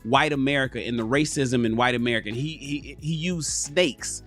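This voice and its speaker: A man's voice: medium pitch, normal speed, faint music behind. A man hosting a livestream talk show in casual commentary, emphatic and profane, speaking straight to his viewers. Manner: animated, emphatic, profane, addresses viewers directly.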